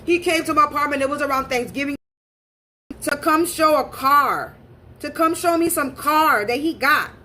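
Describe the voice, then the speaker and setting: A woman's voice: sits high, normal speed, sharp tone, a little hiss or hum. A woman telling a personal story in a casual, blunt and profane way, repeating points for emphasis. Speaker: spiritual reader and channel host.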